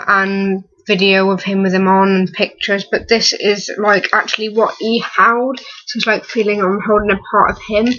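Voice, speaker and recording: A young woman in her early twenties, close to tears, talking haltingly with many fillers and restarts in a personal vlog. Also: mid-range voice, fairly bright tone, dull audio. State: on the verge of tears. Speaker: vlogger.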